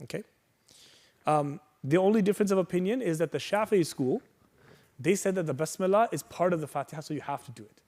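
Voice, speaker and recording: Guy teaching a prayer workshop, kinda high voice, chill and reassuring, keeps asking right? okay?. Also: fairly quick, a little mellow. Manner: patient, reassuring explanation with recited Arabic phrases; frequent "right?" and "okay?" check-ins. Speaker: religious teacher.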